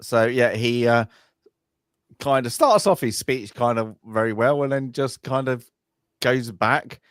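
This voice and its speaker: A man co-hosting a casual film review chat, halting often and searching for his words. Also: mid-range voice, a bit bright, smooth, no room sound, clean studio sound. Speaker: podcast co-host.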